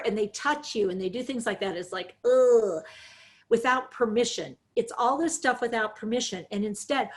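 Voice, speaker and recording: Brief: care educator woman, slightly high voice, lively webinar host on a video call. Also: moderate pace. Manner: lively, demonstrative, acts out examples. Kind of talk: webinar presentation.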